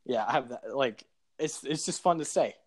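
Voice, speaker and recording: A young man in a laid-back podcast chat. He talks easily and laughs often, with a plain, mid-pitched voice. His delivery stays relaxed and conversational. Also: moderate pace. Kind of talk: casual chat.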